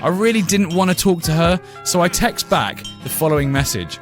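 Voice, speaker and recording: A man's voice: on the high side, over music. A man hosting a comedy radio talk show, telling stories with lots of laughs and acting out voices. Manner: animated storytelling, quick laughs, acts out other voices. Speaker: radio host.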